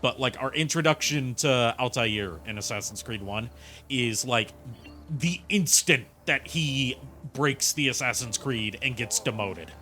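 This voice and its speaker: A man's voice: mid-range voice, unhurried, pushed and bright. A man streaming a game and chatting casually, rambling and opinionated with lots of fillers. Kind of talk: casual gameplay commentary. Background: game music.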